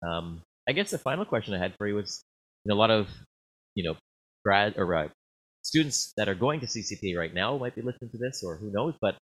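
Quick-talking man hosting an interview. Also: fairly low pitch, fairly bright tone, rough recording. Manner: quick, loose questions with many fillers. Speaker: interview host. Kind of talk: casual interview.

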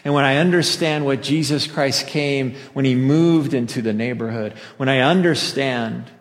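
A man's voice: medium pitch, moderate pace. A pastor delivering a Christmas sermon in a church before a masked congregation, talking conversationally and joking at his own expense. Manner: conversational preaching with self-deprecating jokes. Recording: long hall reverb.

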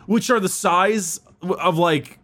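A man's voice: high-pitched, slow pace, a bit bright. A man co-hosting a casual podcast chat, explaining game lore eagerly and swearing freely. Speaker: podcast co-host.

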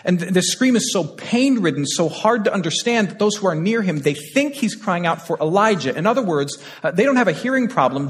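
A male pastor preaching a sermon with passion, repeating phrases and moving between loud, urgent lines and hushed ones. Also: sits high. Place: church sanctuary. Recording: long hall reverb.

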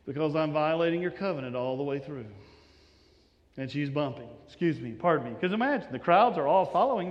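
A man preaching a sermon, telling the story dramatically, acting out voices and dropping to a hush. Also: high-pitched. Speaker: pastor. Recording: long hall reverb.

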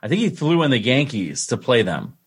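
A man with a mid-range voice chats casually. He sounds relaxed and enthusiastic as he trades memories of favorite films. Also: medium pitch, fairly quick, slightly rough. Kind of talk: casual chat.

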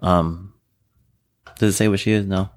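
A man's voice: sits low, steady tone, a little slow. A man co-hosting a podcast, chatting casually and steering the conversation with rambling opinions. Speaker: podcast co-host. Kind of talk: casual chat.

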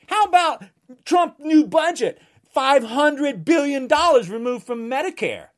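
A woman delivering an angry political rant, at times shouting. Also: high voice, animated, a little slow.

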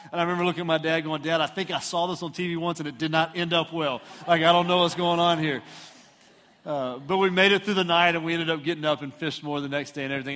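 A middle-aged man from Houston, Texas, telling funny, self-mocking stories as a preacher and acting out the voices. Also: on the high side. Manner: animated, self-mocking storyteller who acts out voices. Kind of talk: storytelling sermon. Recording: reverberant hall.

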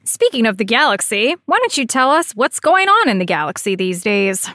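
A woman's voice: fairly high pitch, very animated, normal speed, sharp tone, no echo, studio quality. A woman co-hosting a casual podcast, teasing her partner and laughing often. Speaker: podcast co-host.

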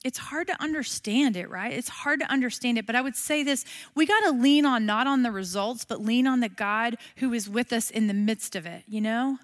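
A woman's voice: fairly high pitch, normal speed, hardly any pauses. A middle-aged woman teaching a Bible class in a casual, conversational way, often asking her listeners questions.

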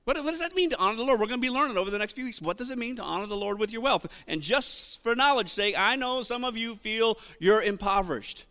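A male pastor preaching a sermon to his congregation, reading scripture loudly and asking the room questions. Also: extremely high pitch, expressive, fast, hardly any pauses, smooth. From United States. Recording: long reverb of a church hall.

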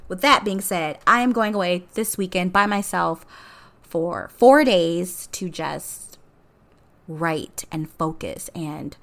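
A woman's voice: on the low side, a bit bright. A woman hosting a podcast, talking in a casual, earnest and encouraging way straight to her listeners. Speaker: podcast host. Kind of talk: casual motivational monologue.

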